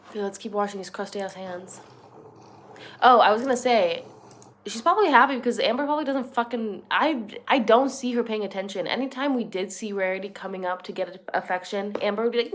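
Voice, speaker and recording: A woman's voice: medium pitch, normal speed, pauses often, slight background noise. A young woman hosting a reaction channel, giving blunt, sarcastic and profane casual commentary. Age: young adult.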